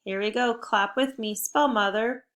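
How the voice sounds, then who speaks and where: Woman, teacher, young children's spelling lesson, slow, clear, encouraging, upbeat. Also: a little high, fairly bright tone. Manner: slow, deliberate word-by-word modeling.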